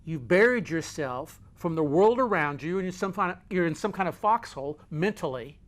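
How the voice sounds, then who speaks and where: A middle-aged man hosting a motivational talk, emphatic and folksy, repeating key phrases and swinging between loud and quiet. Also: on the high side, animated, moderate pace, hardly any pauses. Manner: folksy, talks with his hands. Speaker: host.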